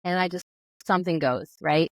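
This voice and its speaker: A woman's voice: lowish voice, a little fast, no room sound, low-quality recording. A woman, a physical therapist and yoga teacher, telling a personal story as a podcast guest, acting out her own past words. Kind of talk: conversational storytelling.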